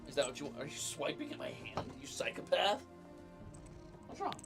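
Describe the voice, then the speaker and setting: Male streamer at home, gravelly, very animated pitch, profane and teasing, baby-talks to his cat. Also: normal speed, music in the background. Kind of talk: casual live-stream chat while drawing. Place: room at home.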